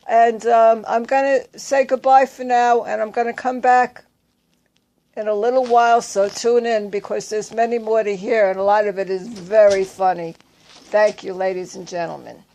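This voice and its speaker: A woman's voice: a little high, fairly even intonation, moderate pace, a little mellow. An older woman telling her own story in a casual, rambling way, with fillers and self-corrections. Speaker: storyteller recounting her past. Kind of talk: casual spoken recollection.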